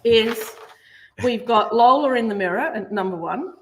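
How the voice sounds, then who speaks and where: A woman's voice: a little high, moderate pace, fairly bright tone, slight background noise. A woman hosting a book show, presenting in an enthusiastic, chatty way. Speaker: host.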